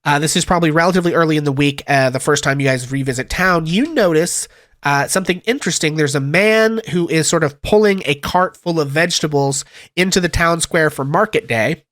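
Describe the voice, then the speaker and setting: A man's voice: a little high, fairly quick, a bit bright, dry recording, studio quality. A man running a tabletop game as game master, rambling with many fillers.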